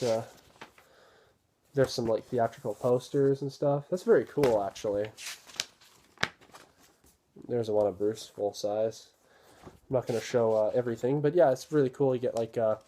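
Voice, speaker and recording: A man casually talking through an unboxing, relaxed and rambling with many fillers. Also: mid-range voice. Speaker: video host reviewing a disc set.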